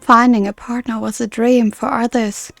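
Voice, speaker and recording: A woman reading aloud the lines of an earnest, formal woman guardian from a game, in a measured, soft-spoken way. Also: fairly high pitch, little pitch movement, vocal fry, dry recording, faint music behind.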